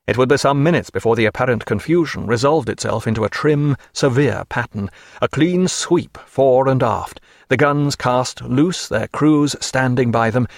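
A man reading a naval novel aloud as an audiobook narrator, measured and steady. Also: mid-range voice, no echo, studio quality. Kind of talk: scripted narration.

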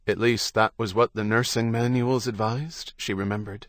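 The fairly low-pitched voice of a male audiobook narrator carries a novel in a steady, measured storytelling style. The scripted reading has clean studio sound and no room sound.

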